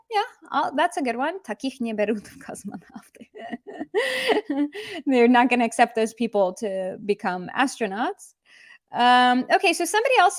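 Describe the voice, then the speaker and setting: A chatty woman with a fairly high voice gives a relaxed live language lesson. She explains grammar in a loose, conversational way and slips easily between English and Russian phrases.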